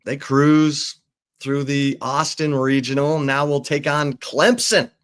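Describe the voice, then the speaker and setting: A man's voice: on the high side, steady tone, slow pace, fairly bright tone, smooth. A man co-hosting a live sports talk show, chatting in a dry, easygoing, teasing way. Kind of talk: casual sports chat.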